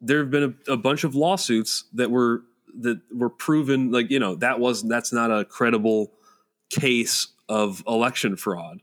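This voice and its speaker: A man's voice: medium pitch, a little slow. A young man talking politics with his father on a podcast, earnest and argumentative, thinking aloud. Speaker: son, podcast guest. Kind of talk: casual political chat.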